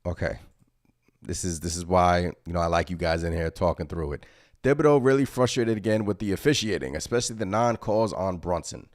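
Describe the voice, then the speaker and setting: A young man with a deep voice, recorded dry and close, hosts a casual postgame show. He vents with frustration, hammers the same points again and again, and reads viewer chat aloud between his rants. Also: lively intonation, a little fast, dry recording. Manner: frustrated, repetitive, emphatic. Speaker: host of a fan postgame show.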